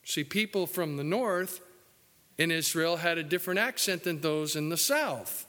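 Bright-voiced joking preacher in a hall. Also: male voice, animated, moderate pace. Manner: folksy and joking, drops low and soft for solemn points. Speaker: pastor. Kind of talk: sermon.

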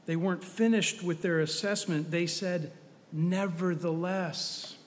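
A man's voice: high voice, normal speed, big-room sound. A man preaching a sermon in a conversational, storytelling way with humorous asides.

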